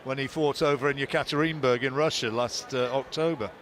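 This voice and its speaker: Brief: male fight caller, measured play-by-play, busy crowd noise behind. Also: medium pitch, fairly even intonation. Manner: measured play-by-play, rising on big shots. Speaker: boxing commentator. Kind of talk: live fight commentary. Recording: commentary mix with loud arena noise.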